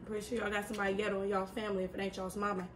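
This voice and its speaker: A woman's voice: medium pitch, little pitch movement, racing. A woman chatting casually over a food video, teasing and plain-spoken. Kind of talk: casual mukbang chat. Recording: far from the mic with faint noise.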